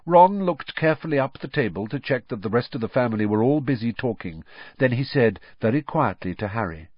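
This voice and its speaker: A man reading an audiobook aloud with expressive storytelling. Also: medium pitch, a little fast, no room sound. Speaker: audiobook narrator. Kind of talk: scripted narration. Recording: dull lo-fi recording.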